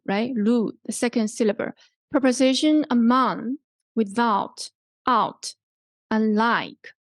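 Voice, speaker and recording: A woman's voice: on the high side, a little mellow, no echo. A woman instructor giving a pronunciation workshop lecture. She repeats the example words and keeps checking in with "right?" and "okay?". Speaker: English language instructor.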